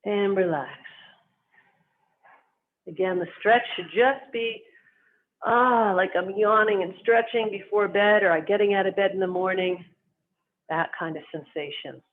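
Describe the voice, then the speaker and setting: A qigong instructor calmly guiding students step by step through slow movement and stretching exercises. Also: mid-range voice. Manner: calm, gently instructive, cueing each movement. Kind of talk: guided movement lesson. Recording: tinny phone-like sound.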